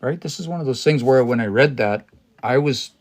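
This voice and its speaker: Talking fairly quickly in a mid-range voice, a man gives a language lesson on a livestream. He works through it word by word, thinking out loud with frequent hesitations and restarts.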